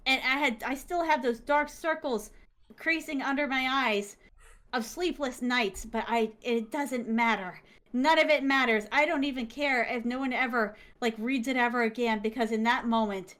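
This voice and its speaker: Excitable woman telling a heartfelt story. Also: fairly high pitch. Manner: excitable, acts out quoted voices, laughs often. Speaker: interview guest, manga creator. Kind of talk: animated storytelling.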